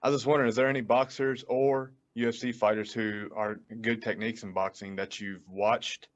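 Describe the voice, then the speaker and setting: A man on a casual sports talk show, asking questions in a friendly, relaxed way. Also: fairly low pitch, fairly quick. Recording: slightly dull lo-fi audio.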